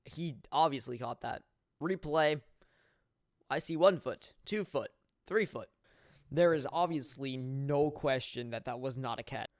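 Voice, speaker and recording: A young man commentating his own football video game in a mock sports play-by-play style, jokey and laughing at his plays, swelling with excitement on big moments. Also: medium pitch, a little slow, no room sound, clean studio sound. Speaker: gameplay commentator.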